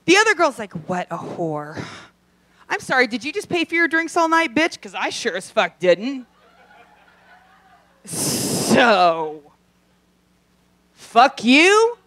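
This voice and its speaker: A young adult woman performing a brash, profane stand-up set, acting out quick voices in her asides. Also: high-pitched, sing-song, fairly bright tone. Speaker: stand-up comedian. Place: comedy club stage.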